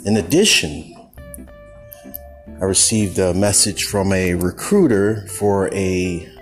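A man hosting a casual monologue podcast, rambling and fired up about his opinions. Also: fairly low pitch. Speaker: podcast host.

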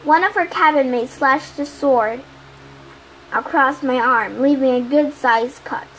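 A woman's voice: high-pitched, measured pace, a bit bright, a little hiss or hum, poor audio. A woman reading a novel aloud in the first person, with small restarts. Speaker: reader.

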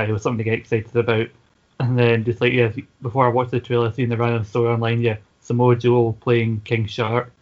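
A man taking part in a casual podcast, dry and sarcastic. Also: medium pitch. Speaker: podcast guest. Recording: dull lo-fi audio.

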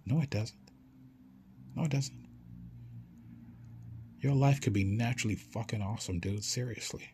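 A man talking casually and with excitement, swearing now and then and acting out short back-and-forth exchanges as he urges listeners to imagine things. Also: medium pitch, husky. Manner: animated, swears casually, acts out quick dialogues. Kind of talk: casual motivational monologue.

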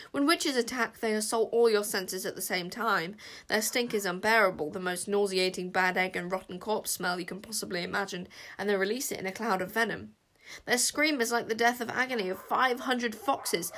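A woman reads a children's adventure aloud, dramatic and lively. She shifts her delivery to build excitement and speaks straight to the listener. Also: medium pitch. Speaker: audiobook narrator. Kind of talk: storybook narration.

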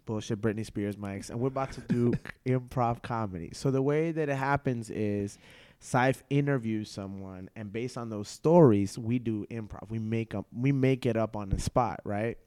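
A man, a comedian guest on a podcast, telling a story in casual slang, animated and laughing often. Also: mid-range voice, normal speed, clear, resonant tone.

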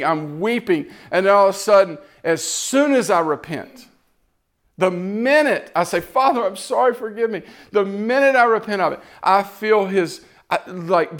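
A man's voice: sits high, a bit bright. A man giving an impassioned, earnest sermon testimony, repeating phrases as he builds.

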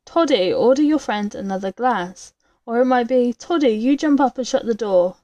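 A vulgar little rogue who taunts and mocks the people around him, as a woman reads his lines from a storybook. Her tone is dark and mellow, and the sound is close and dry. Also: fairly high pitch, expressive, normal speed, dry recording, lo-fi sound, lightly acted. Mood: mocking. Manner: rude, mocking. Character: coarse, vulgar small male rogue.

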